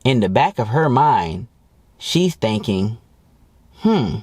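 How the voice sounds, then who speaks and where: A male dating coach rants bluntly, full of profanity and mockery. His pitch is mid-range but jumps around a lot. The recording is dry and close. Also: expressive, slow, a little mellow, slightly rough, no room sound. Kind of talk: ranting advice monologue.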